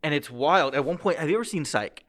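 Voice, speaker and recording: A young man hosting a podcast, chatting casually and acting out quotes in lively bursts. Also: fast. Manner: animated storytelling, acts out quotes with pitch jumps. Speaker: podcast host. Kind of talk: casual chat.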